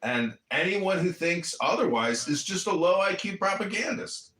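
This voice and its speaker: A man's voice: high voice, expressive, moderate pace, a bit bright. A man in casual chat, making blunt, provocative statements. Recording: roomy echo.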